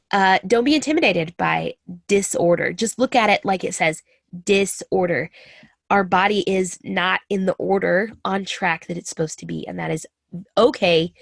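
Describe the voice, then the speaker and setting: Milspouse woman in her 30s opening up to friends, earnest, bit of vocal fry, dry room. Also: mid-range voice, no room sound. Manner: earnest, confiding, addresses listeners as friends. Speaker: military spouse sharing her story. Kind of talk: personal talk to camera.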